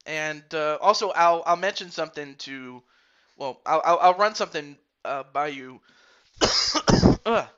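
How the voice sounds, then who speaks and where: A man's voice: on the high side, measured pace, bright, forceful tone, smooth, muffled recording. A man streaming and commentating a football video game league, casually rambling and greeting viewers by name.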